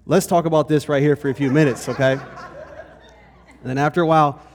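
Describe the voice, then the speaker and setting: A man's voice: a little high, fairly even intonation, normal speed, slight background noise. Man preaching in an echoing hall. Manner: conversational, often checks in with "okay?". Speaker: pastor. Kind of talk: sermon. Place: church hall. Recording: long reverb of a hall.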